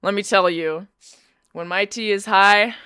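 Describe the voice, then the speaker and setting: This young woman's mid-range voice is bright and forceful, a little slow, with a clean tone and no echo in a clean studio sound. Wearing Bluetooth headphones, she chats casually with her live-stream audience, teasing playfully and laughing often.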